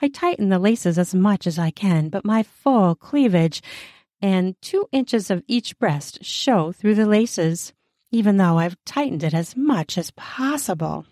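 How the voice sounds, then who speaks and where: A woman's voice: medium pitch, animated, unhurried, warm tone, no echo, studio quality. A woman narrating a first-person adult romance audiobook in a playful, teasing way.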